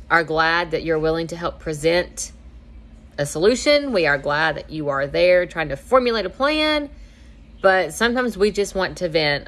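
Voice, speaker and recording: Young woman host, lowish voice, chatty, acts out bits of dialogue. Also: fairly bright tone. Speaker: host giving marriage advice. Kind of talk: casual advice talk.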